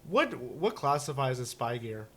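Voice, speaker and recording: A man from the United States co-hosts a casual podcast talk show, rambling and joking with lots of restarts and fillers. His medium-pitched voice swings widely in pitch, his pace is a little slow, and there's slight hiss or hum.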